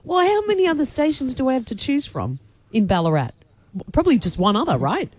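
Playful, giggly Australian female co-host with a lively, high-ish voice. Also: brisk, dry recording. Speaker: radio co-host. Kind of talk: playful radio banter.

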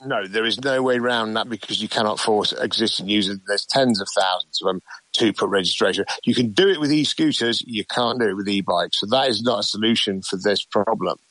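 A man, a campaigner, speaking haltingly with many restarts in a radio interview. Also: fairly low pitch, fairly bright tone, no room sound, rough recording. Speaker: campaigner guest. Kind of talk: phone-in interview.

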